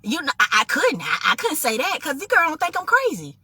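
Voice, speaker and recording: Animated high-pitched woman telling a story. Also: brisk, dry recording. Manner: animated, addresses listeners as y'all; acts out both sides of a conversation. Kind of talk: personal testimony storytelling.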